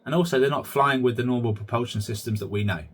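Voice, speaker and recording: A man talking straight to viewers in a casual vlog, chatty and conversational. His voice has a husky edge at an ordinary middle pitch. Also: quick pace. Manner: chatty, keeps addressing viewers as guys. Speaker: channel host.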